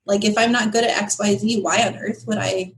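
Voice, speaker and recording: A woman guest in a podcast interview, talking candidly and animatedly with frequent laughter and quick asides. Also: medium pitch, steady tone, rough recording. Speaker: guest, business founder. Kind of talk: casual interview conversation.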